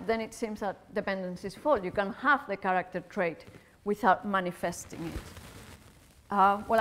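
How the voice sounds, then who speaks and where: A woman with a Spanish accent giving an academic philosophy lecture in a lecture hall, explaining carefully and thinking aloud as she goes. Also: medium pitch.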